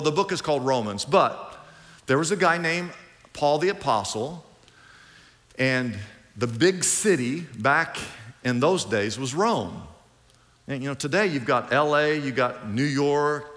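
Animated preacher in a reverberant hall. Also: male voice, fairly high pitch. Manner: animated preacher, acts out both sides of conversations. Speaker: pastor. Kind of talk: sermon.

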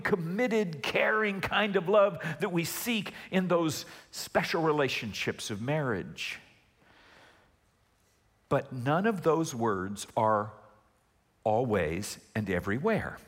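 Animated preacher in a reverberant hall. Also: male voice, high voice. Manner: calls for congregation responses, emphatic with slow stressed words. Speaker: pastor. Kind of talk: sermon.

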